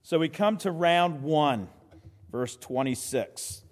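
A man preaching a sermon as pastor, lively and conversational, with quick asides and frequent restarts. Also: fairly high pitch, in a large hall.

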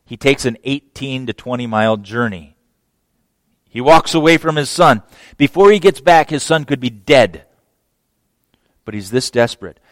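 Male preacher at mid pitch, dry sound, sermon that dramatizes the biblical dialogue. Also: lively intonation, normal speed, long pauses, fairly bright tone, dry recording. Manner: acts out scripture dialogue with raised emotional voices.

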